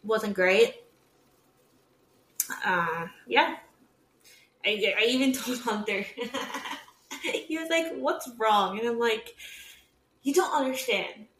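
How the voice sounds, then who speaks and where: Slow-paced with frequent pauses, this slightly high-voiced woman in her twenties is casually chatting as a podcast co-host. She's candid and laughs a lot, bringing her stories to life by imitating what others said, and the room is echoey.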